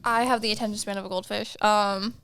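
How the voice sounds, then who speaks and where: A woman's voice: mid-range voice, steady tone, brisk, a bit bright, clear, resonant tone. Chatty young woman podcast co-host. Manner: chatty, lots of "like". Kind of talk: casual chat.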